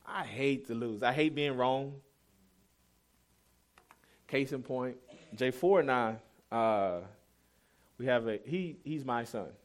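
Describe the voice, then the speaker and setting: A male pastor in his thirties delivering a sermon like a conversation. He tells stories candidly and pokes fun at himself, and his voice sits at an everyday middle pitch. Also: takes it slowly, long pauses. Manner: conversational storytelling, candid and self-deprecating.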